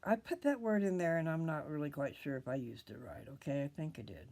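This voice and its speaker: An older woman hosting a casual scripture talk, rambling, pausing often and drifting into whispers. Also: sits low, animated, creaky, a little mellow. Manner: rambling, pauses often, loses her train of thought. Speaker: video host reading scripture.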